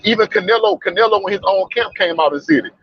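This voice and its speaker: A man's voice: high voice, fast talker. A man on a casual panel call, giving blunt, slangy opinions. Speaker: panel guest. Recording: husky, dull lo-fi call audio.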